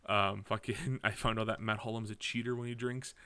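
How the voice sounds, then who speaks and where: A man's voice: lowish voice, little pitch movement, fairly quick, pushed and bright, smooth. Rambling Canadian man telling stories. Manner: rambling, self-correcting, swears casually. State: drinking while talking. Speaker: podcast host. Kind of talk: casual solo podcast storytelling.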